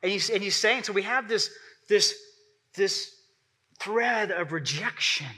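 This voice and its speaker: A man's voice: high-pitched, lively intonation, unhurried, pushed and bright. A man preaching a sermon as pastor, talking conversationally and acting out the voices he quotes.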